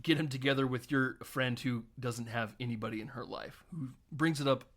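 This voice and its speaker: A man with a mid-range voice co-hosts a casual film podcast. He retells scenes animatedly, throwing in quick impressions and laughing often.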